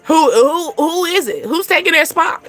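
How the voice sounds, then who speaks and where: A woman's voice: very high voice, lively intonation, moderate pace, a bit bright, faint music behind. A woman giving a casual, chatty astrology reading to her viewers, laughing often and swearing casually. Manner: chatty, laughs often, sings and acts out snippets. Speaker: spiritual reader.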